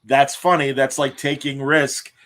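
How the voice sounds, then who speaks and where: A man hosting a podcast who gives rambling, opinionated and animated reviews in casual chat. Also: medium pitch, unhurried. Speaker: podcast host.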